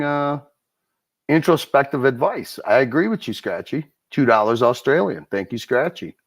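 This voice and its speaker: A man hosting a casual livestream, reading out viewer donations one by one and thanking each. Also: mid-range voice. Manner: relaxed, chatty, thanks donors one by one. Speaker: livestream host. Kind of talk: casual livestream chat, reading super chats.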